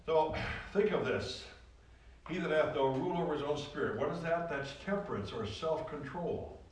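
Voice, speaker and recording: A man preaching a sermon to a congregation, folksy and animated, repeating phrases for emphasis. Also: medium pitch, a little hiss or hum. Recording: roomy echo, distant from the mic.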